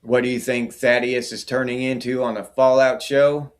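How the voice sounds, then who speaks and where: A man's voice: medium pitch, little pitch movement, normal speed. A middle-aged man hosting a casual livestream, chatting and answering viewer comments by name. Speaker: livestream host.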